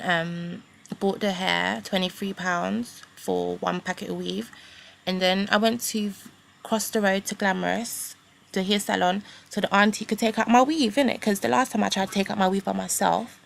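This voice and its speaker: Gravelly-voiced young woman ranting. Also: medium pitch. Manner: blunt, sweary and animated. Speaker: vlogger. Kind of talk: angry storytime rant.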